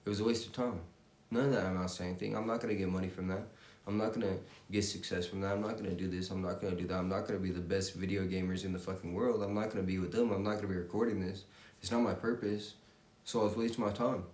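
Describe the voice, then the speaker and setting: A man's voice: deep voice, steady tone, fast talker, a little mellow. A man giving a profane, intense motivational rant, repeating himself and swearing constantly. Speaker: motivational vlogger. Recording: roomy echo.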